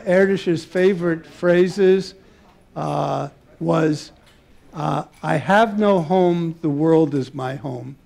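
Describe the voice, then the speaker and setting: An older man gives a public talk, his slightly high voice carrying a gravelly edge and a dark, mellow tone. He reminisces at length, stopping often on filler sounds as he gathers his thoughts. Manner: halting, many filler pauses, warm reminiscing. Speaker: mathematician giving a public talk. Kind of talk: public lecture with personal anecdotes. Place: museum lecture hall before an audience.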